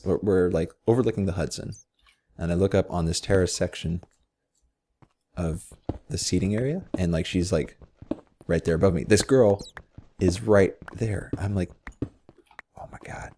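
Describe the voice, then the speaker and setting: Male gamer host, deep and lively in pitch, filler-heavy, self-deprecating, recorded over a noisy mic. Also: creaky. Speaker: Minecraft video host. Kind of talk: casual storytelling while playing a game.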